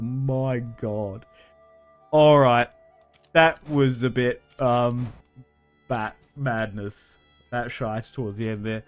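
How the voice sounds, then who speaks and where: A man's voice: medium pitch, fairly even intonation, slow, long pauses, dry recording, faint music behind. Chatty man commentating a strategy game. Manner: upbeat, chatty, laughs often. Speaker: gaming YouTuber.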